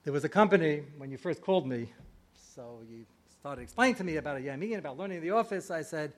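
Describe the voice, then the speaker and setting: A man's voice: a little high, lively intonation, fast. A man giving a storytelling sermon to a live audience as a rabbi, acting out the voices he quotes.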